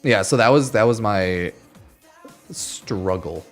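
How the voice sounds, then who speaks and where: A man streaming a game, chatting casually in an animated, ranting way with frequent exclamations. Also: lowish voice, slow, faint music behind. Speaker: gaming streamer. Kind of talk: casual chat.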